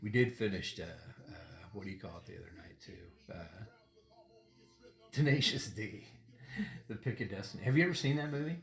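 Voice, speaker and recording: A man's voice: on the low side, animated, fairly quick, vocal fry. Rambling man in an echoey room. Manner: rambling, laughs often. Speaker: podcast host. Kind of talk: casual chat over a tequila tasting.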